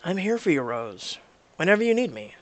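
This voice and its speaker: A woman voicing an earnest young man in a story game, speaking in a lowered voice. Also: sing-song, a little fast. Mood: comforting.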